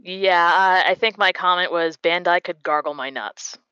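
A woman's voice: fairly low pitch, moderate pace, bright, forceful tone, smooth, no echo. A woman co-hosting a podcast in casual chat, blunt, wry and profane, heard through a dull lo-fi mic.

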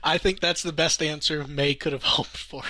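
A man's voice: a little high, steady tone, moderate pace, pushed and bright. A man hosting a podcast, reading out listener questions and chatting casually with his guest. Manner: friendly, reads out listener questions. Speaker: podcast host. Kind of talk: casual interview chat.

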